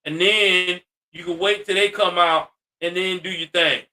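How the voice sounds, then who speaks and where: A man with a bright, high-pitched voice delivers blunt, profane commentary, lecturing his listeners. He sounds exasperated and straight-talking. The voice sits a little back from the mic. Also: steady tone, a little slow, distant mic. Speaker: commentary host. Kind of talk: ranting social commentary.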